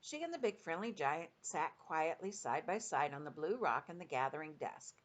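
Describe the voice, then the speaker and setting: An older woman, a grandmother, gently reading a children's book aloud chapter by chapter. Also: deep voice, sing-song, moderate pace.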